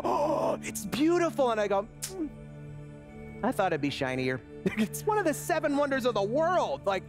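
A pastor in his forties delivers a sermon in a notably high, bright-pitched voice. He tells stories with lively animation, then slows into quiet, earnest appeals. Clear music plays underneath him throughout. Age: 40s. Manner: animated storytelling that drops to a quiet, slow, earnest close.

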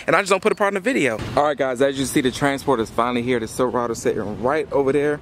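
A young man, talking fast and casually to the camera as a truck vlogger. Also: medium pitch, fairly bright tone, slight background noise. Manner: fast-talking, says y'all a lot. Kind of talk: casual vlog talk to camera.

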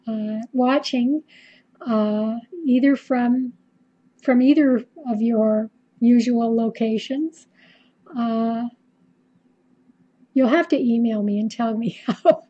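A woman's voice: on the high side, slightly rough, lo-fi sound. Chatty Canadian woman hosting a quilting stream. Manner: chatty, many ums and restarts. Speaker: quilting teacher hosting a live video. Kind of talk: casual live-stream tutorial.

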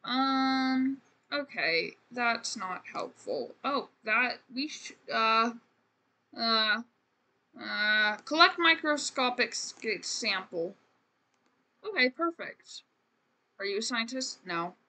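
A woman's voice: on the high side, lively intonation, slow, bright, forceful tone. A woman streamer giving casual gameplay commentary, rambling and joking as she talks to the game characters.

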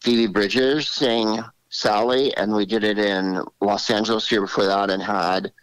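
A man in his sixties, a comedian guest telling animated stories in an interview and slipping into voices. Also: fairly low pitch, moderate pace, clean tone, no room sound, poor audio. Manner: animated, drops into character voices. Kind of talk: storytelling interview.

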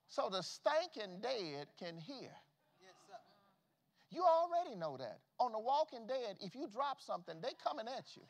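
High-voiced preaching man in a reverberant hall. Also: sing-song, a little slow, pauses often. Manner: preaching with big swings from shouts to hushed tones. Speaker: pastor. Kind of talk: sermon. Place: church sanctuary. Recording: long reverb of a church hall.

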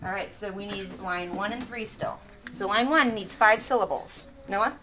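A woman's voice: mid-range voice, pushed and bright, a little hiss or hum. Teacher woman drawing ideas from a class. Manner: reads lines slowly, counting syllables. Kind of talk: classroom lesson.

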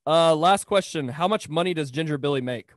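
A man's voice: a little high, a little fast, no room sound, studio quality. A man hosting a casual podcast interview, asking questions in an easygoing, upbeat way. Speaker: podcast host.

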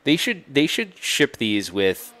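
A man's voice: medium pitch, wildly swooping pitch, takes it slowly, fairly bright tone. A man co-hosting a casual live stream, rambling and correcting himself as he shows off gear. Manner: rambling, self-correcting, laughs often. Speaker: co-host.

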